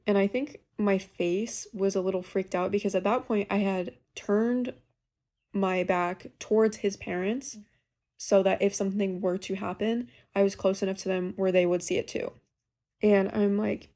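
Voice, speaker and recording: A young woman casually telling a ghost story she lived through, in a chatty, animated way. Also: medium pitch, normal speed. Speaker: caller sharing a ghost story.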